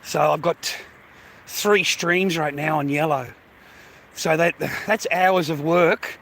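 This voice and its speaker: An Australian man on a casual livestream, grumbling and cursing at his viewers with frequent laughs. His voice sits high for a man and sounds bright and forceful. A faint hiss runs under it. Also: steady tone, takes it slowly, vocal fry. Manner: swearing, griping, laughs often. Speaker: live streamer.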